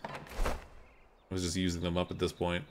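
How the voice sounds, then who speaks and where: A man's voice: sits low, completely flat delivery, unhurried, noisy background. Chatty man streaming a game. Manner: chatty, jokes to his pet cat. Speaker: streamer host. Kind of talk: casual gameplay commentary.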